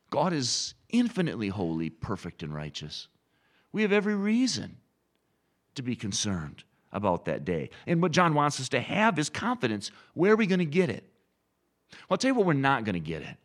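A middle-aged man preaching a sermon, animated and storytelling, acting out quoted inner voices. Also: fairly low pitch. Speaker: pastor.

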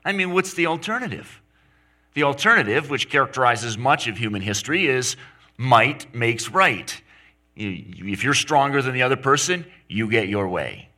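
Lively, animated male preacher. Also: medium pitch, moderate pace. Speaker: pastor. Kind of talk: sermon.

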